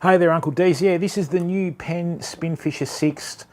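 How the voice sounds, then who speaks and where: A man's voice: on the high side, fairly even intonation, moderate pace, a little mellow. A man with an Australian accent hosting a casual fishing livestream, chatting with viewers and calling them mate. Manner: chatty, greets viewers by name, calls them mate and fam. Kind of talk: casual live stream chat.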